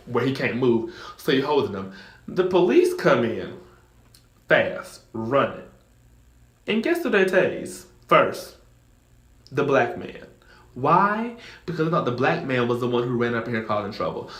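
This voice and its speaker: A young man, casually telling a storytime tale, acting out voices in high squeals. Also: a bit bright, roomy sound.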